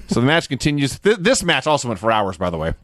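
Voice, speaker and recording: Giggly storytelling man with a lively voice. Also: medium pitch, quick pace, no echo, studio quality. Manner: laughing storyteller, acting out quotes. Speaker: podcast co-host. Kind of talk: casual chat.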